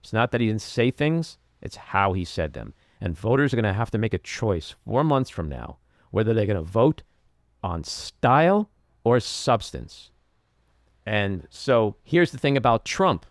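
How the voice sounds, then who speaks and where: A man's voice: very animated, measured pace, dry recording, clean studio sound. A man hosting a podcast, delivering an emphatic political commentary monologue and acting out quotes. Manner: emphatic, acts out quotes with rising pitch. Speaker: podcast host.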